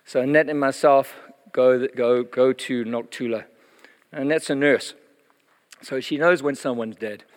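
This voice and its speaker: A man's voice: mid-range voice, measured pace. Man preaching in a reverberant hall. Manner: animated, chatty, laughs often, many fillers. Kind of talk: sermon testimony storytelling. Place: church hall. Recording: long reverb in a church hall.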